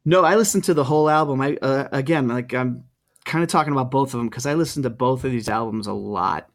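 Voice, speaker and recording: A man's voice: mid-range voice, fast talker. A middle-aged man co-hosting a podcast, talking casually and hesitantly with lots of ums and restarts. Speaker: podcast co-host. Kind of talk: casual chat.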